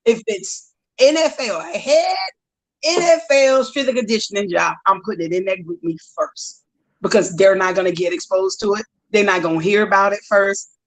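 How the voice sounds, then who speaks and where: A woman's voice: mid-range voice, normal speed, poor audio. A woman who coaches strength and conditioning talks as a guest on a podcast. She tells stories with energy, bringing other people's words to life as she speaks. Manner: lively storyteller, acts out quoted dialogue. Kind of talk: casual interview.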